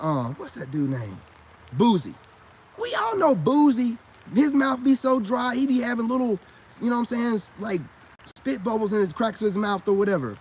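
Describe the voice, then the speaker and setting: A man with a high-pitched voice talks straight to camera in a loose, slangy monologue, handing out blunt advice to other men. He keeps circling back with "you know what I'm saying" as he preaches. A faint hum of traffic sits behind him. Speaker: vlogger and self-styled spiritual coach.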